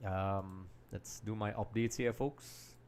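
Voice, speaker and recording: A man hosting a live football watch-along, chatting straight to viewers and often dropping into quiet mutters while he multitasks. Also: on the low side, fairly even intonation, slow pace, a little hiss or hum. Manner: distracted, multitasking while commenting; trails off into quiet mutters and restarts. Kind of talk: casual live match commentary.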